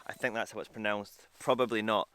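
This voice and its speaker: A man's voice: lowish voice, fairly even intonation, brisk, a bit bright. A man vlogging to camera while walking a trail outdoors, chatty and self-deprecating, a little out of breath. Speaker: van life vlogger. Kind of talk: casual vlog talking to camera. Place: outdoors on a coastal hiking trail.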